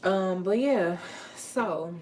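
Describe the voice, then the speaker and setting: A woman chatting casually on a livestream, playful and drawn-out, while washing dishes at home. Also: mid-range voice, a little mellow. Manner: chatty, playful, drawn-out words, Southern US slang. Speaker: vlogger. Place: home kitchen.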